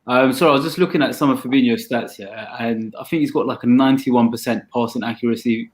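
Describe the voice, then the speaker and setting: A man's voice: mid-range voice, steady tone, fast talker. A man co-hosting a football chat, casual and slangy. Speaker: football podcast co-host.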